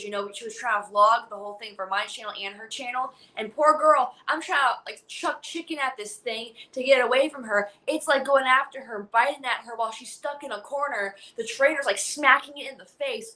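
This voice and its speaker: High, bright bubbly woman guest. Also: brisk, few pauses, low-quality recording. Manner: bubbly, filler-heavy storytelling. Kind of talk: casual livestream chat.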